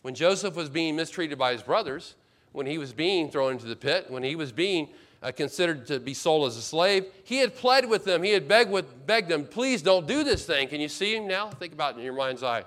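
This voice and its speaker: A male pastor delivering an expository sermon in a slightly higher-than-usual voice. He moves between loud, emphatic declarations and soft, quiet asides, sometimes acting out the words of the characters he describes. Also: expressive, fairly quick. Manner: expository preaching, voicing Bible characters in paraphrase.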